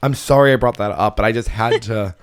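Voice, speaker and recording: A man hosting a comedy podcast, talking in a casual, animated monologue, laughing often, swearing and swinging between loud and soft. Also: on the low side, brisk, clear, resonant tone. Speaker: podcast host, stand-up comedian.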